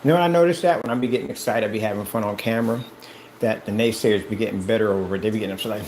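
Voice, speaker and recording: A man presenting and selling his product in an excited vlog, talking straight to his viewers in a preachy, animated way, indoors beside a projector. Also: lowish voice, racing, slight background noise, rough recording. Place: indoor room with projector and screen.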